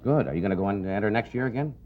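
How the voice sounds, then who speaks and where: A man hosting a TV talk show, asking quick, friendly questions with frequent restarts. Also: lowish voice, expressive. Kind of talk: casual TV interview. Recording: dull lo-fi TV recording with audience.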